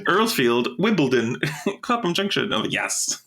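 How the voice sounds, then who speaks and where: A man's voice: medium pitch, big pitch swings, a little slow, fairly bright tone. A man co-hosting a podcast, chatting casually, rambling and tripping over his words, laughing often. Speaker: podcast co-host. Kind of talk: casual chat.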